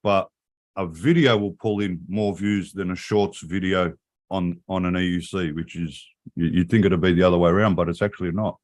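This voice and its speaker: A man, his voice sitting a little low, chatting loosely on a livestream. He swears constantly, laughs a lot and keeps calling people mate. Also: fairly even intonation, normal speed, darkish tone. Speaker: livestream co-host. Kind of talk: casual chat.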